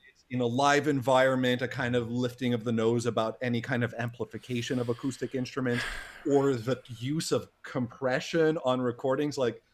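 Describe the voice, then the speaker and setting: A man's voice: mid-range voice, level tone, brisk, slight background noise. A man, a guest on a casual livestream chat, speaking articulately and with firm opinions.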